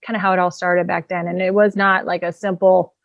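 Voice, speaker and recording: A woman's voice: fairly low pitch, flat delivery, a little fast, gravelly, no room sound, dull audio. A woman, an empowerment coach and author, telling her personal story as a guest in a casual, candid way, often laughing between thoughts.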